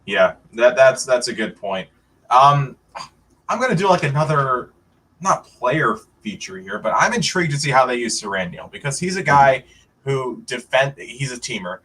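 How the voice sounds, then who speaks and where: A man co-hosting a sports podcast, talking in a relaxed, chatty way and often saying "like". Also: mid-range voice, normal speed, slight background noise. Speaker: podcast co-host. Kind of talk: casual sports podcast discussion.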